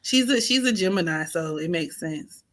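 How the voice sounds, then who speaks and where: A woman hosting a casual livestream, greeting chat viewers and reading astrology charts in an animated way. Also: fairly low pitch, normal speed. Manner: animated, greets chat by name, breaks into singing. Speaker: livestream host and astrology reader.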